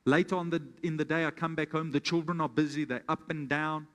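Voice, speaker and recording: A man preaching from the pulpit, his voice a touch higher than most men's. He keeps asking the congregation questions and acts out a homely example story. Long reverb from the church hall trails after every line. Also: fairly even intonation, fairly quick, fairly bright tone. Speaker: pastor. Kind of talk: sermon.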